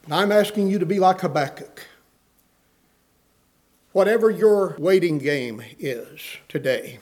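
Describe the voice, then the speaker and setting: A man's voice: fairly high pitch, a little mellow. A man preaching a sermon, earnestly reading scripture aloud and putting questions to his listeners.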